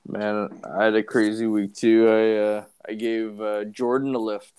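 Laid-back man, drunk and high. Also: flat delivery, a little slow, darkish tone, clean tone. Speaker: podcast co-host. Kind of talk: casual chat.

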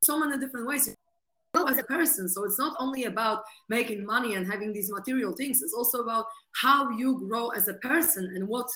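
Enthusiastic higher-voiced woman in echoey room. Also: fairly quick, sharp tone. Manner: enthusiastic, searching for words. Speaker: podcast host. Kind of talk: casual podcast conversation.

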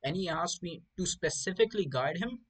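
A podcast host with a high, lively voice talks a little fast, spinning rambling stories in casual chat full of swearing and stumbling restarts. The recording quality is low.

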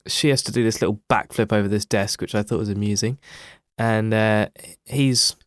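A man's voice: fairly low pitch, steady tone, normal speed, no echo, clean studio sound. Man host recapping a show plot. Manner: steers the talk, retells scenes. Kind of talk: casual chat.

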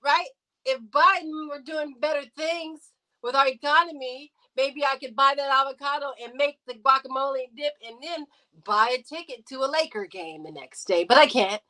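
A woman guest on a podcast, talking in a casual debate with an animated, emphatic delivery and loud outbursts. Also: high-pitched, moderate pace, rough recording. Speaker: podcast guest, radio show host.

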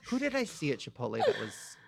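A man's voice: on the high side, fast, vocal fry. A man in his thirties hosting a podcast, chatting casually and telling stories with lots of laughter. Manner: giggly, animated storyteller. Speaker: podcast host. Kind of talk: casual chat.

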